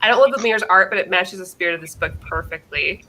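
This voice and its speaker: A woman's voice: on the low side, quick pace, pushed and bright, a little hiss or hum, low-quality recording. A woman hosting a casual podcast, chatty and laughing easily, with lots of filler words. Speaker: podcast host reading listener scores. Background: dogs in the room.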